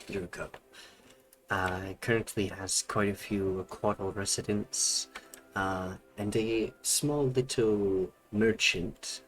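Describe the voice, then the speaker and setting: A man narrating as game master of a tabletop game, halting with many fillers. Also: on the low side. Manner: halting, many fillers, chuckles between lines.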